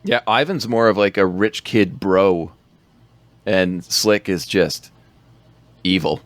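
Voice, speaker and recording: Low-voiced man in casual podcast chat. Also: slow pace, no echo. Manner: laid-back, hesitant with fillers, quotes lines in a low growl. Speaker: podcast co-host. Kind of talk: casual film review chat.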